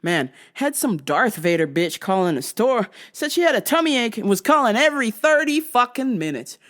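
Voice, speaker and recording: A woman hosting a vlog, telling stories in an animated, profane and exasperated way. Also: a little high, fairly quick. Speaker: host.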